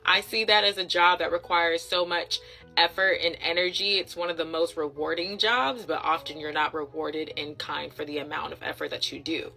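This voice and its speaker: Candid woman, bright tone. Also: low voice, steady tone, normal speed, vocal fry, soft background music. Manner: candid, reflective, chatty. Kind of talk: casual storytime to camera.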